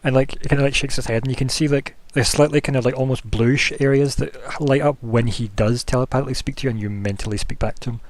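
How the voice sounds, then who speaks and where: A man's voice: mid-range voice, steady tone, quick pace, hardly any pauses, no echo. A man narrating as game master, describing scenes loosely with many fillers.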